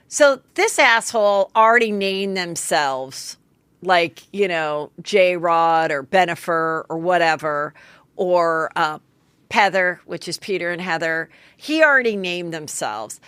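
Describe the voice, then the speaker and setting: A woman's voice: on the low side, expressive, slow pace, fairly bright tone, smooth, no echo. A woman podcast host doing a chatty, gossipy comedic recap and acting out quotes.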